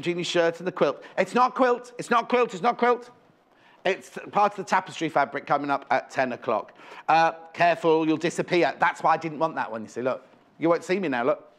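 A chatty man hosts a live TV shopping show from a studio, talking on a clip-on mic. His voice sits fairly high for a man and swoops up and down with lively energy as he fusses over each item he shows. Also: a little fast. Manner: chatty, bubbly, fussing over items on show. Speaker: shopping channel presenter. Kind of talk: live TV sales chat. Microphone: clip-on microphone.

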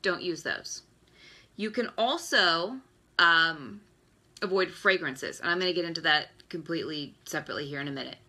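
Host, female, thirties, tense and bright-toned, frustrated ranting delivery for a casual live stream. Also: low-pitched, moderate pace. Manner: exasperated, ranting. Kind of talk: Facebook Live talk.

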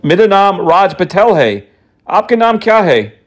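A man's voice: high-pitched, sing-song, moderate pace. A man making prank phone calls, taunting and mocking, dropping Hindi phrases. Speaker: prank caller.

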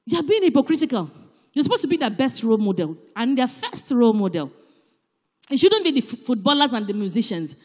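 A woman with a Nigerian accent giving an animated, emphatic church talk, swinging between loud and soft. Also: fairly high pitch, a little fast. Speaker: church speaker. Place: church hall. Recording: echoey church hall.

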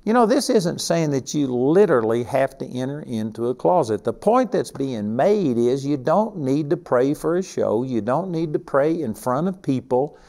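Casting: older Texan man, Bible teacher, folksy and emphatic, mid-pitched. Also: very animated, moderate pace, few pauses, dark tone. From Texas. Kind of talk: teaching sermon.

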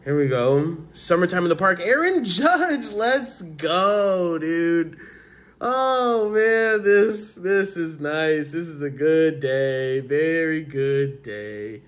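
Male vlog host, a bit higher pitched, excitable and stumbling over words as he opens packs. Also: takes it slowly, few pauses, clean tone. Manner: excitable, stammering repeats, calls viewers dude and man. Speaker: host opening sports card packs. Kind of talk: casual excited vlog chat.

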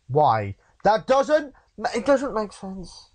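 A man's voice: sits high, sing-song, moderate pace. A man co-hosting a casual podcast chat, ranting in an exasperated tone. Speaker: podcast co-host.

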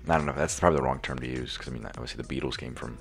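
Very deep-voiced American man. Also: very fast, creaky, soft background music. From United States. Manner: hesitant, thinking aloud with many restarts. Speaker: quiz contestant. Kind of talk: casual chat.

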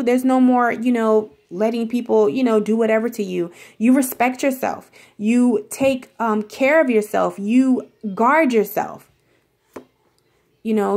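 Tarot reader, woman, fairly high voice, loose and rambling, lots of fillers, speaks straight to the viewer. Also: darkish tone. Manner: rambling, repetitive, heavy on filler words; addresses viewer directly and reassuringly. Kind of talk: casual tarot reading.

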